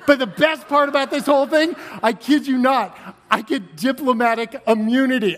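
Male guest preacher, high-pitched and animated, heard in a reverberant hall. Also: normal speed. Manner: animated, laughing, exclaiming. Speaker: guest speaker. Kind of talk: storytelling sermon.

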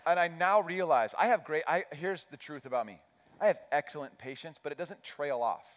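A man's voice: on the high side, brisk. A man preaching a sermon, telling a self-mocking story and acting out his own chipper coach voice. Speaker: pastor. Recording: long reverb of a large hall.

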